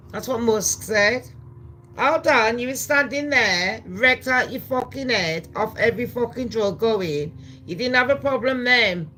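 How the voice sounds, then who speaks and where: A woman's voice: on the high side, unhurried, pushed and bright, soft background music. Woman host, blunt, profane ranting commentary, scornful edge. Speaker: channel host.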